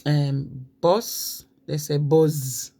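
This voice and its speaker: A woman's voice: deep voice, unhurried, warm tone. Jamaican woman giving a chatty lecture. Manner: conversational, reads from notes with frequent fillers. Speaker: presenter on language. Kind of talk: informal spoken lecture.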